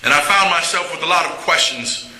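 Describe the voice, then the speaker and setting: Middle-aged male speaker, plainspoken and candid, bright tone, roomy hall sound. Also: on the high side, animated, fairly quick, slight background noise. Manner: candid, plainspoken storytelling with humor. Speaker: recovery meeting speaker. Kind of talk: personal recovery talk. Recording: echoey hall.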